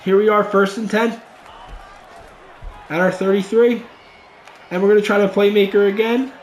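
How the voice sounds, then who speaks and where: A young man calls a football video game in a high, excitable voice, dropping to quiet muttering and then shouting at big plays. The room is echoey, with a faint hum behind him. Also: moderate pace. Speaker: gaming YouTuber. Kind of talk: let's play commentary.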